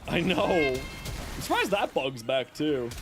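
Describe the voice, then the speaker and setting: A male streamer chatting casually and jokingly with his viewers while he plays. His pitch sits a little high and bounces around a lot. There is a faint hiss of background noise. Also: very animated, slow. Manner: chatty, joking, talks to chat and his cat. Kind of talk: casual livestream chat while gaming.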